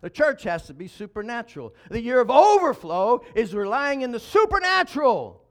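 A man's voice: very high voice, big pitch swings, normal speed. A man preaching a sermon as pastor, emphatic, with rhetorical questions and chuckles.

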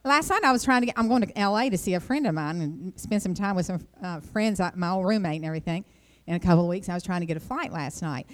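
A woman's voice: lively intonation, fast. Chatty woman sharing devotional stories. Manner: chatty, rambling storyteller, jumps up high when quoting herself. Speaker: Christian speaker. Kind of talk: informal devotional talk with personal stories.

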